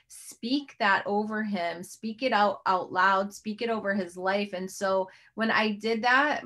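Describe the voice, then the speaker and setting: A middle-aged woman hosts a faith interview in an earnest, rambling way. She restarts her sentences and leans on fillers as she goes. Her pitch sits at an everyday middle height. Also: fairly bright tone. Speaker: host.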